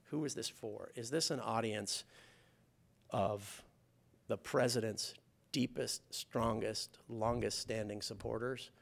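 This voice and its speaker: A man's voice: lowish voice, fairly even intonation, slow pace, gravelly. A man giving a conversational public talk, with many fillers and restarts. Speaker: guest speaker. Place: lecture hall.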